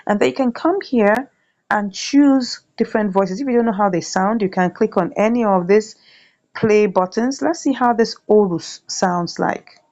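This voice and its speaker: A woman's voice: mid-range voice, moderate pace, darkish tone, muffled recording. A woman hosting a chatty screen-share tutorial, often checking in with "right?". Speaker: YouTube tutorial host.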